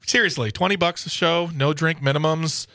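A man's voice: a little high, normal speed, vocal fry, bright, forceful tone, no room sound, clean studio sound. A man co-hosting a radio show, chatting casually in a playful, chatty way and laughing easily. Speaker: radio co-host.

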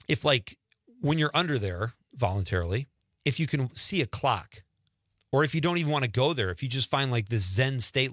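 A man hosts a radio show with a joking, animated delivery. His pitch leaps around expressively and his tone is bright and forward. The sound is dry, close studio audio. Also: no echo. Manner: jokey, animated, laughs often. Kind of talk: casual radio banter.

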